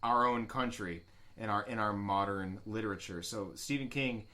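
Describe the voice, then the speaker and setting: A man's voice: fairly low pitch, normal speed, sharp tone. A man co-hosting a podcast in casual chat, musing in an earnest, opinionated way. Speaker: podcast co-host.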